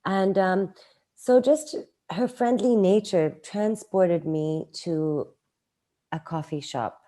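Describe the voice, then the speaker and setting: A middle-aged woman telling a personal story in a casual interview, animated and acting out quoted lines. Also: slow. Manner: animated, acts out quoted lines with raised pitch. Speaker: guest.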